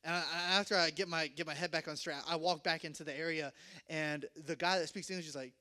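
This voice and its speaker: A young man telling a self-mocking story to an audience, animated and laughing often. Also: a little high, fast.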